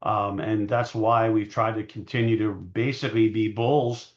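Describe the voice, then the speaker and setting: A man's voice: fairly low pitch, steady tone, normal speed, dull audio. A man hosting a market show, giving casual commentary over charts, rambling and hedging with fillers and self-corrections. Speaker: market analyst host.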